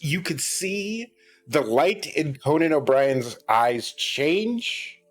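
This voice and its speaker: A man's voice: mid-range voice, big pitch swings, slow. A man chatting casually as a podcast guest, rambling and restarting his sentences often. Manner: rambling, frequent restarts and filler words. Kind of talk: casual chat.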